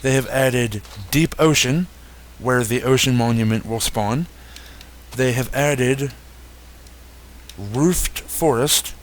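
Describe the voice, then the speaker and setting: A man's voice: mid-range voice, slow, pauses often, a little hiss or hum. Easygoing young man narrating gameplay. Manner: easygoing, many fillers and self-corrections. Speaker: gaming YouTuber. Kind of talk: casual game update walkthrough.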